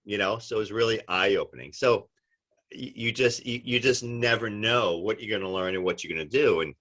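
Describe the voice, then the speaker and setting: A man with a New York and New Jersey accent, chatting as an interview guest and telling lively anecdotes. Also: on the low side. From Northeastern United States. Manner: animated storyteller, acts out dialogue. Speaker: actor guest. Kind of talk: casual interview chat.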